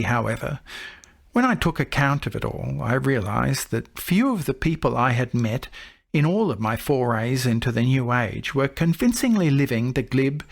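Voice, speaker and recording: A middle-aged man reading his own book aloud in a reflective, measured storytelling voice. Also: mid-range voice, gravelly. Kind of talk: audiobook narration.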